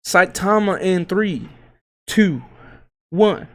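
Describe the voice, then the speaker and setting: A man hosting a casual livestream, reading out market moves in a loose, joking, profane, slangy way with hype shouts. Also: sits high, expressive, slow pace, long pauses. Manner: hype shouts and laughs while reading tickers. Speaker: crypto livestream host.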